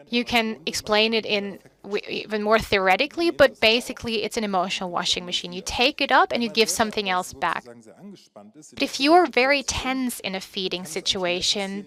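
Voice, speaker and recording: A woman with a bright, fairly high voice interprets a conference talk live. She is animated and slips into gentle, coaxing tones when she acts out what to say to a child. Her delivery is lively and expressive. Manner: animated, acting out soothing words to a child.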